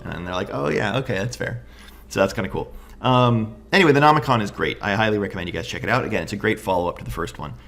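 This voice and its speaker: A man's voice: fairly low pitch, rapid-fire, hardly any pauses, fairly bright tone. A man casually reviewing tabletop game books, enthusiastic and thinking aloud, often asking "right?".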